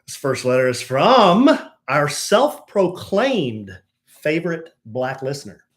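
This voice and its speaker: A man's voice: on the high side, very animated, slow pace. A man co-hosting a podcast in casual chat, playful as he reads listener letters aloud. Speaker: podcast co-host.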